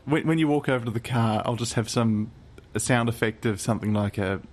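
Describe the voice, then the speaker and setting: A man's voice: mid-range voice, a little fast. A man co-hosting a comedy podcast, riffing and giggling in casual chat. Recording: background noise.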